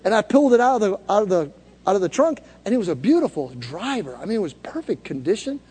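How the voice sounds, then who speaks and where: A pastor with a high, warm voice and a breathy edge preaches fast to a congregation in a church hall, his pitch swinging widely. He tells a story in a conversational way, working up to calls for the crowd to repeat his words, all in a big-room sound.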